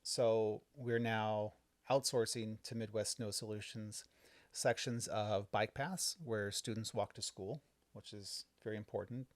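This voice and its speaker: A fairly low-pitched young adult man talks through local government matters at home for a podcast. He explains things in a relaxed, unhurried way, full of ums and self-corrections. The sound is close and dry, with no room echo. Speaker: village trustee and podcast co-host. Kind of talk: casual podcast chat recapping a board meeting.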